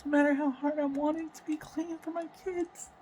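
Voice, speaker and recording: Emotional halting woman vlogger. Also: high-pitched, little pitch movement, a little mellow, a little hiss or hum, rough recording. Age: adult with children. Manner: emotional, halting, swearing, many sighs. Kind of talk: raw unscripted personal talk to camera.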